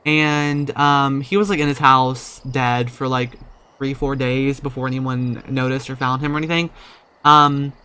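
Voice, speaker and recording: A young man casually commenting on a life-simulation game, rambling, swearing often and breaking into loud startled outbursts. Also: medium pitch, little pitch movement, measured pace, clean tone. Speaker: gaming YouTuber.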